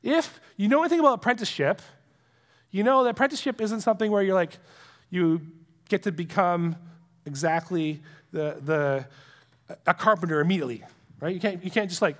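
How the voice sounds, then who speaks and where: A man's voice: high voice, brisk. A man preaching a sermon in a conversational, earnest way, dropping to a near whisper to stress a point. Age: adult with young children. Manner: conversational and earnest, drops to a hush for emphasis. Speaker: pastor.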